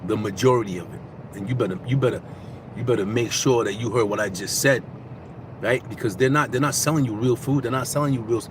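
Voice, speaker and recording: A man vlogging casually, giving motivational life advice in animated, repetitive storytelling. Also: medium pitch, noisy background.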